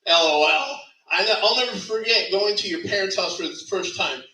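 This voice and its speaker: A man's voice: high voice, fairly quick, pushed and bright. A middle-aged man giving a rambling funeral eulogy, laughing through his stories and correcting himself as he goes. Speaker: eulogy speaker. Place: funeral service venue. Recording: echoey room, distant mic.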